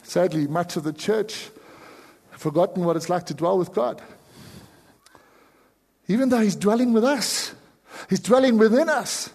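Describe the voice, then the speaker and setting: South African preacher in a ringing hall. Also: male voice, sits high, measured pace, long pauses, husky. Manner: swings from hushed pleading to sudden loud cries. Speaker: pastor. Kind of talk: sermon.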